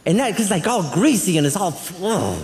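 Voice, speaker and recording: A man doing a live stand-up routine, telling stories with an animated, exasperated delivery. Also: sits high, a little fast. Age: adult. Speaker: stand-up comedian. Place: comedy club stage. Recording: reverberant hall, faint audience.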